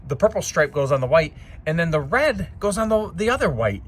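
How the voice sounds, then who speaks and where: In a casual how-to vlog, an American man fixes an RV outdoors while rambling and frequently correcting himself. His voice is fairly high and sing-song, and he talks a little fast.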